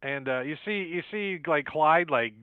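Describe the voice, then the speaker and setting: A man's voice: on the high side, normal speed, smooth, no echo. A man running an online tabletop game as game master, narrating in a loose, rambling way with fillers. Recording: tinny dry phone-like line.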